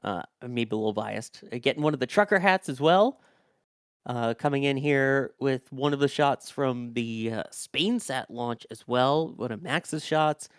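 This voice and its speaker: Male launch-stream host, casual and friendly, mid pitch, dry close sound. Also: unhurried, clear, resonant tone, dry recording. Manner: chatty, reads viewer messages aloud, thanks the crew. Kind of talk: live launch commentary, casual.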